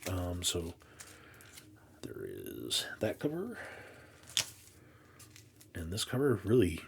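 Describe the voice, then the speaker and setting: A man's voice: sits low, slightly rough. A man chatting casually as he unpacks a comic shipment, rambling and restarting his sentences, exasperated and poking fun at himself. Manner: rambling, halting, many restarts; exasperated, self-mocking. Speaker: comic collector vlogger. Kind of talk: casual unboxing chat.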